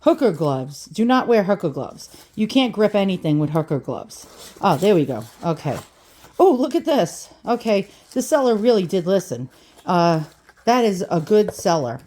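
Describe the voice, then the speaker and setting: A woman's voice: on the low side, sing-song, moderate pace, warm tone. A woman vlogger chatting casually through an antique unboxing, rambling and self-deprecating with lots of restarts.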